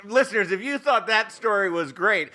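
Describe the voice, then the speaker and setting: A man's voice: sits high, animated, normal speed, pushed and bright. A man co-hosting a comedy chat, steering the talk with wry remarks. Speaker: co-host.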